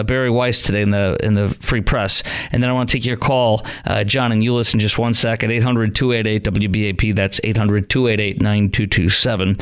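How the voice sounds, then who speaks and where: A middle-aged man from Chicago hosting a call-in talk radio show, indignant and full of rhetorical questions. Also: on the low side.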